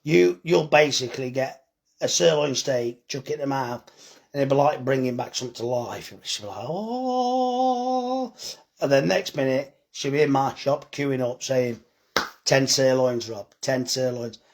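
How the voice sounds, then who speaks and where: A man's voice: mid-range voice, moderate pace, gravelly. A tired man, chatting bluntly and joking with swearing while reading comments on a live phone stream about his butcher's shop.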